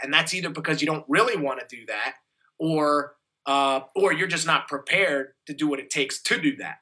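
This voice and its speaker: A man's voice: fairly high pitch, a little fast, pushed and bright, low-quality recording. A man, giving an enthusiastic, motivational interview as a fitness coach. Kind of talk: energetic interview talk.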